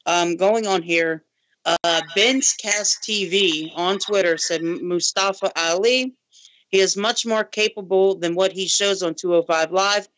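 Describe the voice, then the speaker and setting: Male co-host, high voice, halting and earnest, dry close sound. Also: sharp tone, no room sound, low-quality recording. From Baltimore area. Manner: hesitant, many fillers, earnest. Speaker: podcast co-host. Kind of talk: casual chat.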